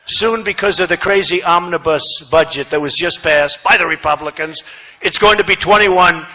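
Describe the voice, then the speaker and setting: A man giving a campaign rally speech, repeating phrases for emphasis and swinging between shouting and muttering asides. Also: fairly high pitch, moderate pace, poor audio. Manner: repetitive, emphatic, rambling asides. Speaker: political speaker at a rally. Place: large rally venue, no seating.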